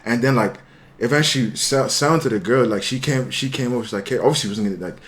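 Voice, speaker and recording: Fast-talking young man, rambling. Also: medium pitch. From Ireland. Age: young adult. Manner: rambling, many fillers and restarts, acts out quoted voices. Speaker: guest musician. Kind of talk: casual storytelling.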